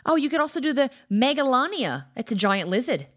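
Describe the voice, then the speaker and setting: A woman's voice: sits high, sing-song, brisk. A woman with an Australian accent, a comedy guest in an improvised podcast interview, blunt and teasing. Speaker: guest playing an actress character.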